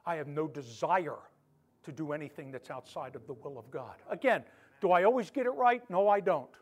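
A male pastor giving an animated sermon, moving between loud emphasis and soft, hushed moments. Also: on the high side, a little fast.

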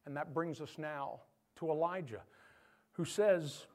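A man's voice: a little high, normal speed. A man pastor preaching a sermon, joking with the congregation and acting out Bible figures in voices. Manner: animated, joking asides to the congregation.

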